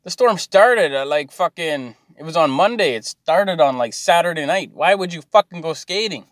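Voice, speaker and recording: A man's voice: fairly high pitch, animated, moderate pace, hardly any pauses, no echo, studio quality. A man, ranting and swearing in a mocking, exasperated monologue to his viewers.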